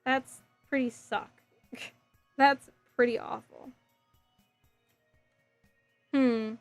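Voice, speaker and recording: A woman hosting a casual livestream, chatting with viewers and reading their comments while she builds a model kit, rambling with lots of fillers. Her voice is going a little hoarse. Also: high-pitched, fairly even intonation, extremely slow, dry recording, faint music behind. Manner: chatty, rambling, frequent fillers and self-corrections. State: voice getting hoarse.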